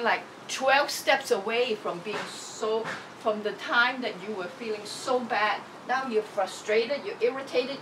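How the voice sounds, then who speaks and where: A woman spiritual teacher giving a motivational talk, expressive and emphatic, acting out each feeling as she goes. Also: fairly high pitch, far from the mic, background noise.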